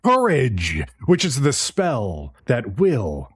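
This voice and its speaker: A man's voice: medium pitch, wildly swooping pitch, slow, slightly rough. A young man co-hosting a casual podcast, recapping an episode with swearing and jokes. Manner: profane, joking recap of an anime episode. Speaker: podcast co-host.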